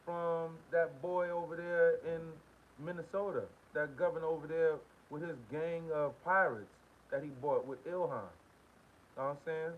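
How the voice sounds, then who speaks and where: A man hosting a live stream, talking casually and repetitively in while reading viewer comments. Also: fairly high pitch. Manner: venting, repetitive, slangy. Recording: dull lo-fi stream with faint hiss.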